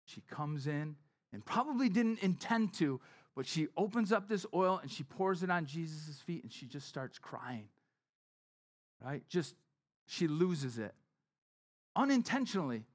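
Conversational male preacher, slightly high voice. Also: sing-song, a little slow. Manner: conversational storytelling, often dropping to a soft, hushed tone. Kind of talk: sermon.

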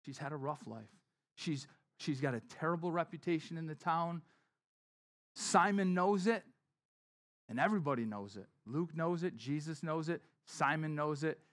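Male preacher, conversational sermon storytelling, slightly high pitch, hushed at times. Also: normal speed. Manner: conversational storytelling, often dropping to a soft, hushed tone.

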